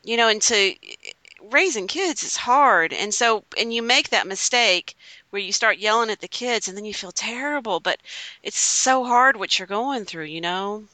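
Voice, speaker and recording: A woman in her thirties, a stay-at-home mother, chatting casually and telling animated stories with frequent laughter. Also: medium pitch, normal speed, dry recording, rough recording. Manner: animated storyteller, laughs often. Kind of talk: casual chat.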